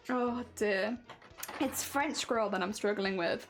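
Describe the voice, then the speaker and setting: A woman's voice: on the high side, takes it slowly, soft background music. A young woman, chatting casually on a live stream, reading and answering chat with frequent laughs.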